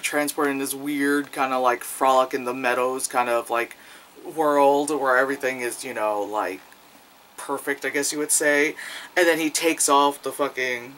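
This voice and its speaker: A man's voice: medium pitch, sharp tone, a little hiss or hum, rough recording. A man casually reviewing a film, rambling with lots of fillers and profanity, acting out quoted lines. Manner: loose, profane, many fillers; acts out quoted lines in jumpy voices.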